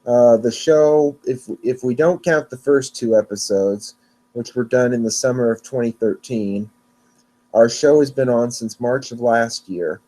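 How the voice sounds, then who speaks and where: A man's voice: medium pitch, measured pace, mellow. A man hosting a weather podcast on his own, talking casually and rambling, often restarting and correcting himself, a little sleepy. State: yawning, sleepy. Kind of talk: casual solo podcast talk.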